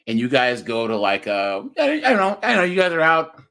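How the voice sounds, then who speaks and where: With wildly swooping medium pitch and a bright, forceful tone, a young man runs a live reaction stream at a slightly fast clip. He chats loosely and laughs often, referring to chat as "guys" and "dude."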